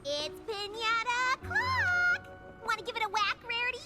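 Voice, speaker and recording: A giddy cartoon party pony bursting with bubbly energy, her voice squeaky-high and leaping wildly up and down. Bouncy excitable chatter over loud cartoon music. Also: normal speed. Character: hyper, bubbly, party-loving pink female pony. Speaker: cartoon character.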